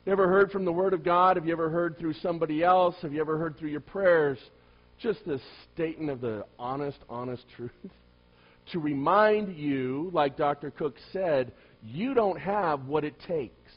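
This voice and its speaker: A man preaching a sermon, firing rhetorical questions at the congregation and swinging between loud emphatic lines and quiet low asides. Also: normal speed. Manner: asks the listeners many rhetorical questions. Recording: dull lo-fi recording.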